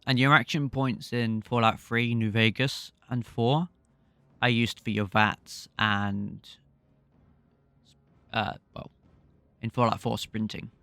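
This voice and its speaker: A man's voice: medium pitch, pushed and bright, no room sound. A man co-hosting a podcast, thinking aloud in a rambling, casual way. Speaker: podcast co-host. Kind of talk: casual game discussion.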